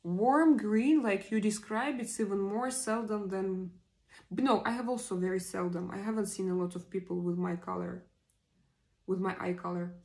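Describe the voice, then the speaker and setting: A woman's voice: medium pitch, steady tone, moderate pace, a little mellow, poor audio. A woman in her forties with non-native English, chatting on a live stream and hesitantly repeating vocabulary words aloud. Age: 40s. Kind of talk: casual live-stream chat, practicing vocabulary.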